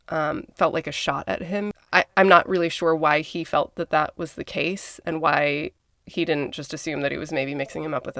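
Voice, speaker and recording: Gravelly woman podcast co-host from Minnesota, casual true-crime storyteller with blunt asides, dry close sound. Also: deep voice, no room sound. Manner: conversational, blunt asides and swearing.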